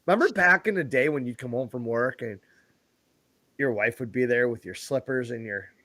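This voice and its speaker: A man's voice: mid-range voice, normal speed, bright, forceful tone, no room sound. A man co-hosting a podcast in casual chat, laid-back and telling crude jokes and stories. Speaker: podcast co-host.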